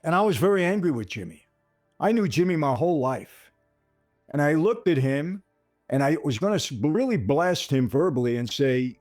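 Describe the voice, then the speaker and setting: A man's voice: on the high side, very animated, normal speed, a little mellow, no room sound, studio quality, soft background music. A man hosting a podcast, telling a personal story straight to his listeners and acting out the dialogue. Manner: speaks straight to listeners, calling them "people"; retells scenes by acting out quoted dialogue. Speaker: podcast host. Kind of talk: storytelling monologue.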